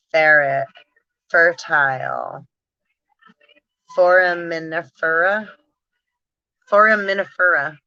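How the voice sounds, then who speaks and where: A woman with a low, bright voice reads through word lists at an unhurried, drawn-out pace, breaking into giggles now and then. The sound is dry and a bit dull, like a simple home recording. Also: dry recording. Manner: slow, drawn-out word reading with frequent giggles. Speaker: spiritual channel host. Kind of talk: reading word lists aloud, casual musing.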